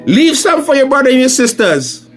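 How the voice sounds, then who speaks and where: A warm but no-nonsense mother with a Caribbean accent, put on by a man reading a picture book aloud. Her voice sits high and lilting, full of affection even as she gives orders. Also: normal speed, soft background music. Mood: caring, firm.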